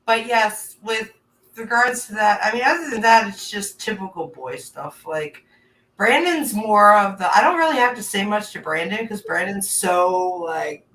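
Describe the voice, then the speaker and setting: A woman's voice: medium pitch, animated, moderate pace, fairly bright tone. A woman guest on a casual podcast, chatty and using "like" often. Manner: chatty, lots of "like" fillers. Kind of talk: casual chat. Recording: echoey, distant from the mic, faint ambience.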